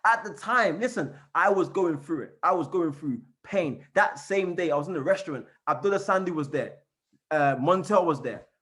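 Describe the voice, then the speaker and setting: A man giving an energetic motivational training on a call, repeating and chanting phrases as he coaches his team. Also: a little high, moderate pace. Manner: fired-up, repetitive, chanting phrases. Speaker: network marketing trainer. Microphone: call recording.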